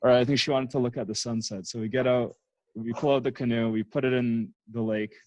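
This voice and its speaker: A man's voice: mid-range voice, fairly even intonation, a little fast, darkish tone, rough recording. A man from Canada, a podcast guest, chatting casually and rambling through stories with lots of fillers. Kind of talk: casual chat.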